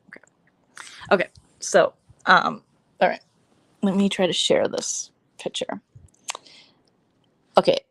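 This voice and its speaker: A woman vlogger chatting casually on a late-night live stream from home on her phone, giggly and quick to react dramatically. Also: mid-range voice, no echo, clean studio sound. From Southern California. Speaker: vlogger hosting a live chat. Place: at home, settled somewhere comfy.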